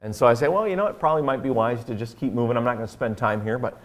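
Earnest male preacher, mid-pitched, storytelling sermon. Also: racing. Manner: earnest, conversational preaching with frequent fillers.

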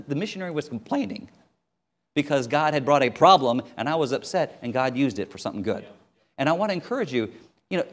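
A middle-aged man delivers a sermon as a missionary preacher, with a voice of ordinary pitch. He tells stories in a lively way, with sudden jumps from loud to hushed. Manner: lively storytelling with sudden loud and quiet swings.

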